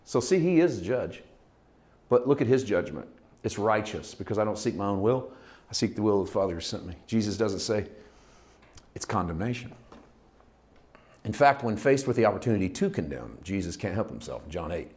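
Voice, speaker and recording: A middle-aged man, a pastor, preaching a reflective, conversational sermon that swings between loud and soft. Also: on the low side, very animated, a little fast.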